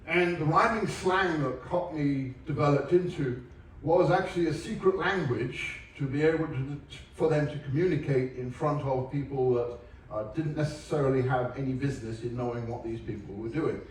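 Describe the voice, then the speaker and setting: A man's voice: medium pitch, normal speed. A man giving a humorous presentation to an audience, making dry, wry asides. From England. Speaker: onboard lecturer. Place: large ship theatre. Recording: echoey hall from far off.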